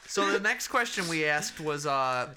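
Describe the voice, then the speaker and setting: Guy hosting a podcast, high-ish bright voice, laughs a lot, faint hiss. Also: expressive, measured pace. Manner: laughing, storytelling recap. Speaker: podcast host. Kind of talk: casual chat.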